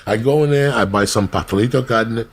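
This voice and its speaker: Gravelly New storyteller, profane. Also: male voice, medium pitch, brisk, dry recording. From New Jersey. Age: older. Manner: profane, animated street storytelling. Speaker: host. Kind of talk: casual storytelling monologue.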